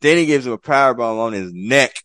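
A man's voice: medium pitch, expressive, fairly quick, a bit bright, no room sound. A man casually recapping an old wrestling event as a podcast co-host, rambling with lots of fillers and swearing.

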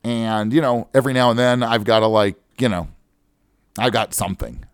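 A middle-aged financial adviser hosts a casual solo radio talk show about money, animated, digressive and joking, and says he's wound up. His voice is mid-range, clear and resonant at a moderate pace, captured dry on a studio microphone with studio quality.

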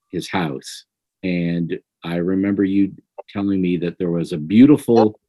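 A male host with a very deep, low voice leads a relaxed interview, recalling his guest's stories back to him to draw them out. The sound is dry and close, with no room around it. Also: no room sound. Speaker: podcast host.

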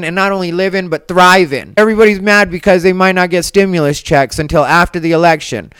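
Blunt, defiant podcasting woman, smooth voice. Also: on the low side, brisk, hardly any pauses, a bit bright, no room sound. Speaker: podcast host. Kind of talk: opinionated solo podcast monologue. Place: Las Vegas.

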